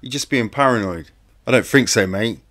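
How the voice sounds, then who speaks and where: A man voicing a brisk male police handler who is impatient but reassuring. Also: mid-range voice, fairly bright tone, natural voice. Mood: dismissive.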